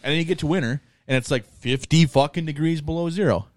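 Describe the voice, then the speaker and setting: A man's voice: a little high, fast, no room sound, studio quality. Crude, ranting Minnesotan man. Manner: crude, swearing, animated ranting. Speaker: podcast co-host. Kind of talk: casual chat.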